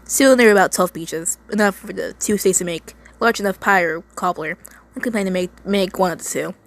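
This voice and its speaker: A woman's voice: medium pitch, a little fast. A woman reading a fan story aloud, often stumbling, repeating words and stopping to make asides. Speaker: reader.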